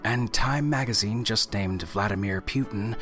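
A man's voice: on the low side, normal speed, fairly bright tone, faint music behind. Profane, sarcastic male podcast host. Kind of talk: casual, irreverent monologue.

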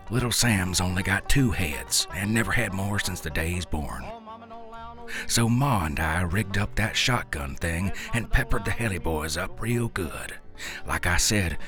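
A man narrating a story in a deadpan, folksy dialect delivery. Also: low-pitched. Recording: dry close mic, faint music.

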